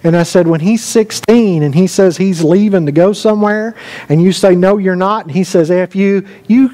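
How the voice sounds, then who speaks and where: A pastor with a high-pitched voice delivers a conversational sermon to his congregation. He moves between personal anecdotes, quoted dialogue and scripture read aloud. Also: darkish tone, poor audio. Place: church sanctuary.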